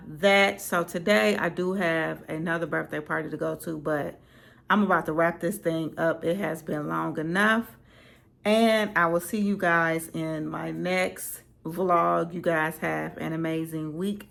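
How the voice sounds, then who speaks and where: A young woman vlogging from home on a slow morning, chatting casually with relaxed, slangy asides. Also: fairly low pitch, creaky. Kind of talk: casual chat.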